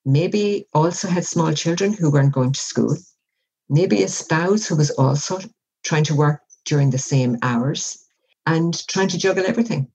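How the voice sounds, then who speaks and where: A woman speaking as an interview guest, giving measured, reflective advice and often acting out example conversations. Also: low-pitched, a little mellow, husky, rough recording. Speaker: workplace wellbeing guest.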